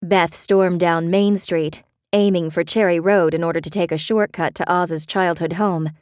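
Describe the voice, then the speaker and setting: Brief: woman narrator, lowish voice, steady read, very dry close sound. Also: moderate pace, clear, resonant tone, no echo. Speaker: audiobook narrator. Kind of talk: scripted narration.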